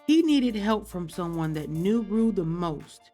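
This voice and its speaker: Woman narrating gameplay, animated. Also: medium pitch, unhurried, soft background music. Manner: animated, acts out dialogue with slang. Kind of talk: casual storytelling narration.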